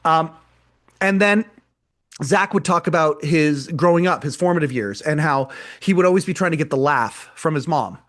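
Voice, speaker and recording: A man's voice: a little high, normal speed, fairly bright tone. A man co-hosting a podcast, retelling a live show in casual chat, rambling and repeating words as he goes. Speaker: podcast co-host.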